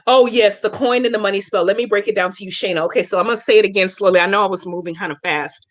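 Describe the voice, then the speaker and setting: A fast-talking woman at medium pitch hosts a hoodoo Q&A livestream and spell tutorial. She's brash and profane with viewers, using slang and emphatic instructions to guide them through a spell step by step.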